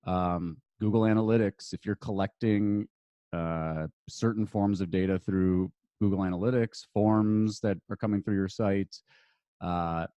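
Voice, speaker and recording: Relaxed low-voiced man explaining law casually. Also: no room sound. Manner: loose and conversational, many fillers and restarts. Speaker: podcast guest, attorney and marketer. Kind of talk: casual podcast conversation.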